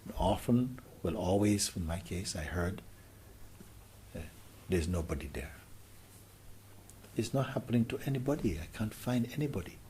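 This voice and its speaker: A man giving a contemplative spiritual talk as a teacher, gentle and questioning, often sinking into a whisper. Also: fairly low pitch, expressive, moderate pace, slight background noise.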